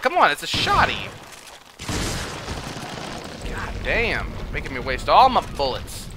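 A man's voice: on the high side, big pitch swings, unhurried, long pauses, background noise. A man giving casual, jokey, profane commentary while he plays through a video game. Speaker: gaming streamer.

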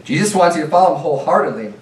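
A man preaching in a church, his slightly high voice carrying through a roomy, echoing space. He sounds set back from the microphone, earnest and plain-spoken as he moves between scripture readings and direct appeals. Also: lively intonation, rapid-fire. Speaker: pastor. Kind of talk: sermon. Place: church sanctuary. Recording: echoey room, mic at a distance.

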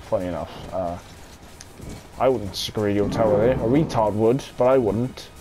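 A man's voice: fairly low pitch, normal speed, over music. A young man giving gameplay commentary, irritable and swearing, muttering to himself as he plays. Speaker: gamer.

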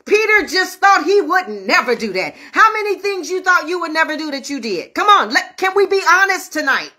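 A woman minister who hosts an online prayer show preaches a sermon straight to her viewers, emphatic and repetitive. Her very high voice is bright and forceful, very animated, at a normal speed.

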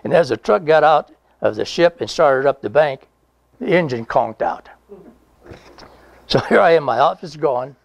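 A man's voice: fairly high pitch, animated, measured pace, vocal fry, pauses often, no room sound. A man in his nineties, a veteran being interviewed, telling a rambling, folksy story with chuckles and reenacted dialogue. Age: 90s. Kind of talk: conversational oral history storytelling.

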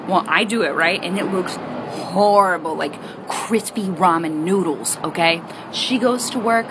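A woman's voice: mid-range voice, a little fast, sharp tone, slight background noise. A woman telling a personal story to camera with a sassy, exasperated delivery.

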